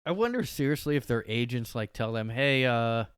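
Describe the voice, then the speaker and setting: A man's voice: medium pitch, sing-song, quick pace, smooth, no echo, clean studio sound. A man hosting a solo podcast from his room, rambling sarcastically and saying "like" a lot. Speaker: podcast host. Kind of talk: casual solo podcast rant. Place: his bedroom.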